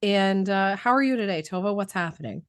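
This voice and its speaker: A woman's voice: medium pitch, expressive, brisk, clear, resonant tone, no room sound, studio quality. A woman hosting a podcast in casual chat, congested from a cold, talking in a chatty way with fillers. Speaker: podcast host.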